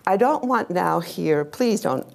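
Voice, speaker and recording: A middle-aged woman gives a public lecture with slides, her voice slightly low with a gravelly edge. She talks in a warm, chatty way, laughs often, and keeps turning to the audience with questions. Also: expressive, measured pace. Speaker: lecturer, religious sister. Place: lecture hall with a live audience.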